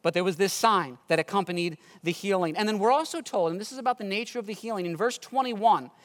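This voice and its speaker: A man preaching a sermon as pastor, earnest and rising loudly on his appeals, recorded in a church. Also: sits high, quick pace. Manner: earnest preaching, swells loud on exhortations. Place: church sanctuary. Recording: church hall reverb.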